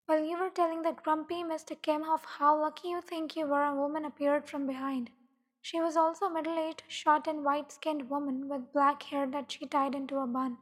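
High-voiced woman reading a story. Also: fairly even intonation, moderate pace. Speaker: story narrator. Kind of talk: second-person fan fiction reading. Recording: long echoing reverb.

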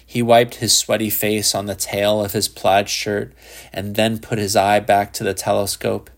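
A man narrating a literary short story in a measured, even audiobook reading. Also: lowish voice.

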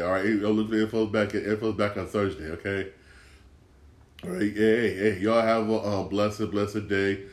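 A man hosting a casual solo podcast, talking emphatically, repeating himself and restarting phrases. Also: lowish voice. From Connecticut. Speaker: podcast host. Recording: echoey room.

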